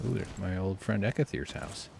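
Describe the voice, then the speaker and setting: A man telling a rambling story while playing a game, swearing freely and doing loud impressions. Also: low voice, moderate pace, creaky, background noise. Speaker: streamer. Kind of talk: casual gameplay commentary. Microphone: desk mic with face cam.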